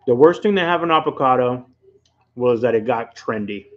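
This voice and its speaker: A man's voice: medium pitch, animated, normal speed, dull audio. Rambling, chatty Rhode Island man. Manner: rambling, chatty, talks straight to viewers. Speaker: livestream host. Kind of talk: casual late-night livestream chat. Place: at home.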